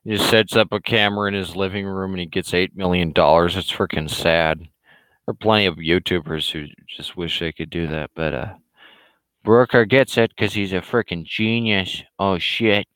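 A man's voice: deep voice, moderate pace, a bit bright, smooth, no echo. A man with a slightly scratchy throat, hosting a live show with sarcastic, rambling commentary and casual swearing.

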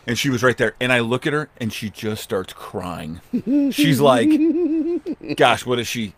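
A man in his thirties co-hosting a podcast, telling a story in casual chat and acting out the quotes loudly. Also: mid-range voice, big pitch swings, a little slow. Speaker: podcast co-host.

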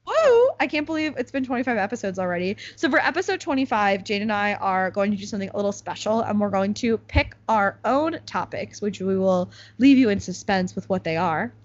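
A young woman from the United States hosts a podcast, speaking a little fast in a medium pitch with hardly any pauses. She chats casually, leaning on lots of "like" fillers, and the recording is slightly muffled.

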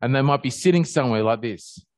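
An Australian man giving a conversational sermon, telling personal stories with animated jumps up in pitch. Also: fast talker, dry recording. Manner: animated storyteller, pitch jumping high on happy moments.

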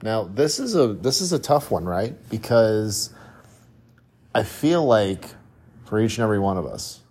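Male podcast host, fairly low voice, reflective conversational self-help monologue. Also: darkish tone. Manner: reflective, conversational, with frequent restarts and rhetorical questions. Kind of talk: solo motivational podcast monologue.

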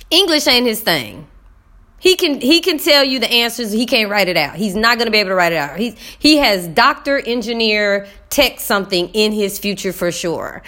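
Animated woman teacher telling a story. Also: a little high. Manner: animated, talks to viewers as y'all, acts out dialogue. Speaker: middle school teacher. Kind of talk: casual storytelling to viewers.

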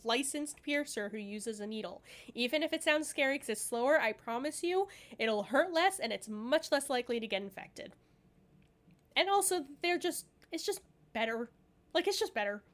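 A young woman co-hosting a podcast, chatting casually and rambling with lots of fillers and laughter. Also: a little high. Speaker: podcast co-host. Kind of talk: casual chat.

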